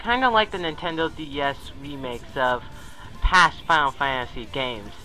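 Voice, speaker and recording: A man's voice: mid-range voice, animated, moderate pace, bright, forceful tone, faint music behind, rough recording. A young man giving a casual countdown commentary in a chatty, rambling way, often correcting himself. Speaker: video commentator.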